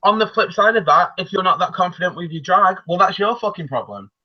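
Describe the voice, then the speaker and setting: A man co-hosting a loose roundtable chat, with a slightly high voice that swings widely in pitch. He jokes and swears freely, and the sound is lo-fi and a little muffled. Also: fast, a little hiss or hum. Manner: swears often, animated and joking. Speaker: podcast co-host.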